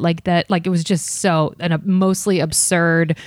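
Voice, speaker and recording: A woman's voice: on the low side, flat delivery, normal speed, hardly any pauses, no room sound, studio quality. A young woman from Ohio chatting as an interview guest, self-deprecating and full of fillers. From Ohio, USA. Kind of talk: casual interview chat.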